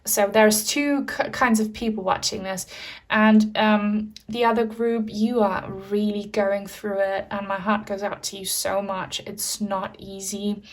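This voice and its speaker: A woman reads tarot cards for an unseen audience. Her voice sits at an ordinary middle pitch, soft and comforting, with the easy pauses and fillers of unscripted talk. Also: steady tone. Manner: soft, gentle and reassuring, with fillers. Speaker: tarot reader. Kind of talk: pick-a-card tarot reading.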